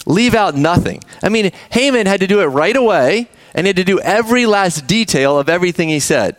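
A man preaching a sermon, telling the story with animated energy, acting out characters and speaking to the kids in the room. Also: high voice, fast, no echo. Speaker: pastor.

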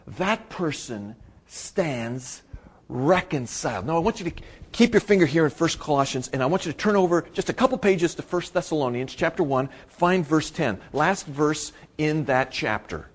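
A pastor preaching in a lively voice, pitched a little above the usual for a man. His delivery swings between loud, emphatic bursts and hushed asides. He often repeats phrases to drive a point home. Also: moderate pace, husky. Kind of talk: sermon.

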